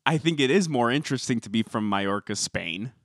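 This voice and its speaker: Casting: male podcast host, mid-pitched, close dry mic, playful and teasing. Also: expressive, a bit bright, dry recording. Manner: jokey, teasing, quick to laugh. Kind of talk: casual chat.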